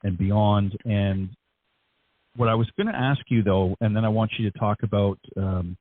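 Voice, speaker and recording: Husky man host on a phone line. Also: fairly low pitch, steady tone, moderate pace, no echo. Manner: rambling questions with many fillers. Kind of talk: casual interview.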